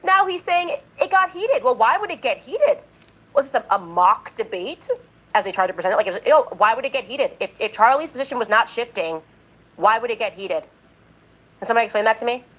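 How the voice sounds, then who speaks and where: Speaking quickly in a slightly high, fairly bright voice, this animated political commentator works through a podcast monologue with emphatic indignation. She repeats herself insistently and puts on a raised, exaggerated voice to mock people. The recording is rough.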